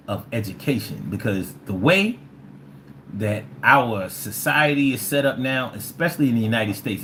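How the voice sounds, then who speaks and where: Animated profane livestream host. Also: medium pitch, a little hiss or hum. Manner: animated, profane, rambling with restarts. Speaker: livestream host reading chat. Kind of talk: casual livestream talk.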